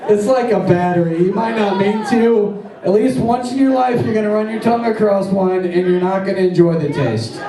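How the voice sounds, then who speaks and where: A male stand-up comic with a high, mellow voice that leaps all over the place as he rambles through crude jokes and quick apologies. The sound is echoey and a bit distant, as if from a mic set back in the room. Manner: crude, rambling jokes with self-deprecating asides. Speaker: stand-up comedian. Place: comedy stage before a live audience.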